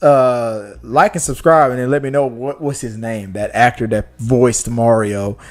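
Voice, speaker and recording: A man's voice: medium pitch, fairly even intonation, a little slow. A man co-hosting a casual live-stream movie talk show, making his points with emphatic rhetorical questions. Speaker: podcast co-host.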